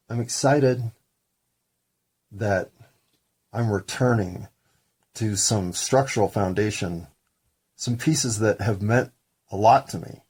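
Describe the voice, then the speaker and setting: A man's voice: lowish voice, a little mellow, husky. A man in his fifties in a casual, rambling, self-deprecating solo monologue. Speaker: solo podcaster.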